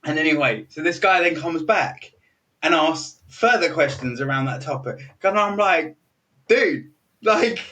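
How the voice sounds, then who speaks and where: Man, British, young adult, high-pitched, animated storyteller, casual podcast chat. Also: moderate pace, recorded from a distance. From Britain. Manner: animated, laughing, many restarts. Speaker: podcast host.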